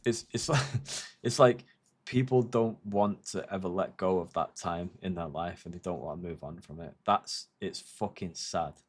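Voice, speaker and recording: Deep-voiced man rambling casually. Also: normal speed, slightly rough. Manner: rambling, heavy swearing, reflective. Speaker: livestreamer. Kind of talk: casual chat on a livestream.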